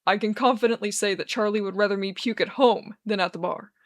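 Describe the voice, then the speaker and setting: A woman voicing a wry, skeptical young man who teases in a deadpan way in a read-aloud fan story. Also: medium pitch, fairly quick, no room sound, lightly acted. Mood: tired. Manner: dry, wry, deadpan teasing.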